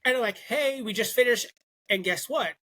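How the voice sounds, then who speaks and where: A man's voice: very high-pitched, normal speed. A young man co-hosting a podcast, telling a story in casual chat and acting out the voices of the people he quotes. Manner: animated, acts out quoted voices. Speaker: podcast co-host.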